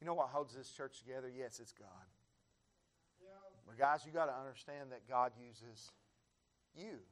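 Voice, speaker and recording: An American man preaching a sermon in a church, building his repeated phrases up into fervent shouts while the congregation answers with amens. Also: mid-range voice, moderate pace. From United States. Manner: rising to fervent shouts, repetitive rhythmic phrasing.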